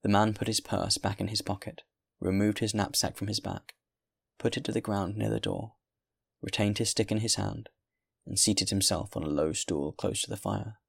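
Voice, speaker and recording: A male reader narrating a classic novel chapter by chapter. He reads in a steady, measured way. His voice sits very low and has a gravelly edge. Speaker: audiobook reader. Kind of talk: reading a classic novel aloud.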